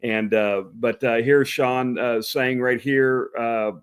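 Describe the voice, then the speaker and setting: A man's voice: mid-range voice, steady tone, slow pace, clear, resonant tone. A man with an East Texas accent hosting a live chat show, rambling with lots of fillers and restarts. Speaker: host.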